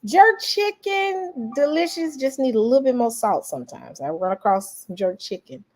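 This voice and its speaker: A woman's voice: medium pitch, lively intonation, brisk, dark tone. An American woman giving an earnest opinion monologue, repeating her points for emphasis in casual, folksy slang. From United States. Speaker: vlogger.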